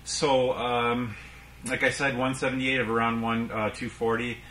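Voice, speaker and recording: A man's voice: mid-range voice, level tone, moderate pace, fairly bright tone, roomy sound, slight background noise. A man in his thirties from Canada, hosting a casual vlog about his game collection and talking in a rambling way with many ums and uhs. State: out of breath. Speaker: game collector channel host.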